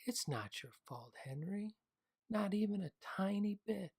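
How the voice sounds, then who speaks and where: A man voicing a gentle, soothing mother in a children's audiobook. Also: fairly high pitch, a little slow, vocal fry, slightly rough, voice pushed up, full character voice. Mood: firm reassurance.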